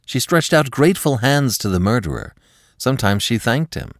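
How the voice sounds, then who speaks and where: A man narrating a classic short story for an audiobook podcast in a measured, expressive style. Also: medium pitch, no echo, studio quality.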